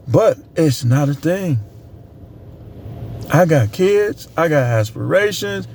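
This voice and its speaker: This is a middle-aged man with a fairly high-pitched voice, talking straight to camera in a casual monologue. He is blunt and preachy, leaning hard on his words. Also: a little mellow. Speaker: vlogger.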